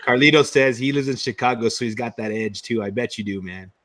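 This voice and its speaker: A man's voice: mid-range voice, fast talker. Chatty Texan man telling a story. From Texas. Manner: storytelling, animated. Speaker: podcast host. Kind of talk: casual chat.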